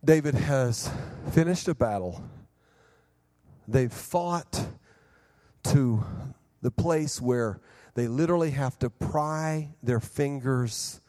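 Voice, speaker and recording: A middle-aged man preaching a sermon, telling stories with lively sound effects and restarts. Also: medium pitch, slow. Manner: animated storyteller who acts out scenes with vocal sound effects; repeats and restarts words in bursts. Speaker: pastor. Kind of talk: sermon with storytelling.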